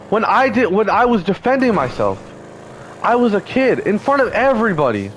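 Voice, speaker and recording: Young man in his 20s, upset and heated, swears a lot, voice a bit high and swinging widely, faint traffic behind. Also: very animated, moderate pace, a bit bright, poor audio. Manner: heated, profane, repetitive fillers. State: upset, close to tears. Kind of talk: emotional personal storytelling.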